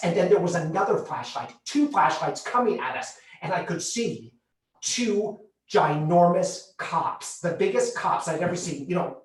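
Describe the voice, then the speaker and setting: A man performing a one-man stage show, telling his story with vivid, expressive delivery in a slightly raised pitch. The sound is very echoey, caught from back in a large theatre. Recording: roomy theatre heard from a distance.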